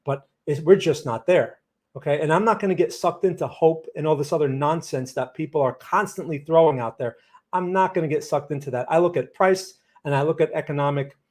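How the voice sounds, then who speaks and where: A man's voice: a little high, a little mellow. A man with an American accent hosting a live market analysis stream, blunt and cautionary, often repeating words as he answers viewers.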